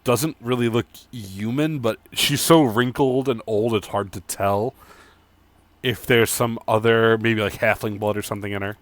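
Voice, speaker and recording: A man running a tabletop game, describing scenes in an unhurried, halting way with fillers. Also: on the low side, fairly even intonation, dry recording. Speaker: game master.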